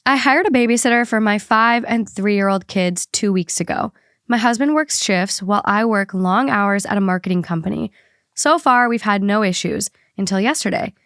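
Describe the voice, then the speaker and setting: A woman's voice: medium pitch, moderate pace, a bit bright, clear, resonant tone, dry recording, studio quality. A young adult woman hosting a casual podcast, chatting and reading posts aloud steadily. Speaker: podcast host.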